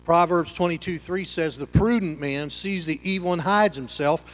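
Male pastor, high voice, dynamic preaching style, loud then hushed, long hall reverb. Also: normal speed, few pauses. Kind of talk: sermon.

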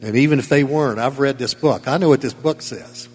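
A pastor preaching a sermon in a church, emphatic and folksy with chuckling asides. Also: male voice, mid-range voice, brisk, in a large hall, slight background noise. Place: church sanctuary.

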